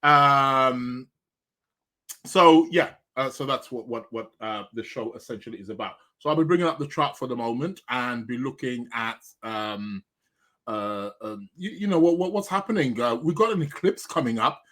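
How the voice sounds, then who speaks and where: A man's voice: mid-range voice, expressive, moderate pace, bright, forceful tone. A man hosting a live astrology podcast, chatting casually with many fillers and restarts while eating. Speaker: podcast host. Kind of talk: casual live-stream chat.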